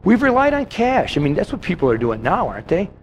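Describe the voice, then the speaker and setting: A man preaching a sermon, telling stories and acting out quick quotes along the way. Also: sits high, huge pitch swings, slight background noise. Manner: storytelling with quick acted-out quotes. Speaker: pastor.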